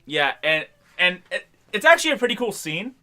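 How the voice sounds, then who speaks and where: Young male co-host, bright timbre, loose and profane, chuckles a lot. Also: high-pitched, very animated, a little fast. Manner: loose and profane, laughs often. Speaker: podcast co-host. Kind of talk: casual chat recapping a movie.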